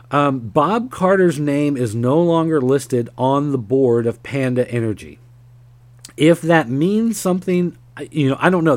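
A man rambles through wrestling business news, stopping often to say "um" as he works out his points. His voice sits at an ordinary middle pitch. The sound is dry and close, with no room echo. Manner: rambling, many "um"s, analytical. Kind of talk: casual monologue.

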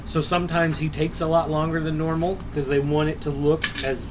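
A man with a slightly high voice chats about comic art, dropping wry jokes along the way. Faint background noise runs under his voice. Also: level tone. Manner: joking, quick with wry remarks. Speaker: comic book podcast co-host. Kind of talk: casual chat.

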